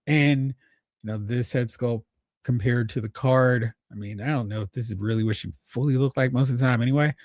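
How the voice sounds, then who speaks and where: A man's voice: mid-range voice, brisk, a little mellow, no echo, studio quality. A man hosting a live stream, chatting casually, thinking aloud and reading out viewer comments. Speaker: host.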